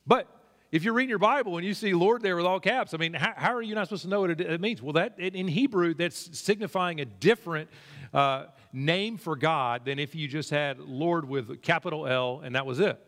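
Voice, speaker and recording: A man's voice: a little fast, fairly bright tone. Man preaching in a reverberant hall. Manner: conversational preaching, rising in pitch when emphatic. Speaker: pastor. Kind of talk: sermon.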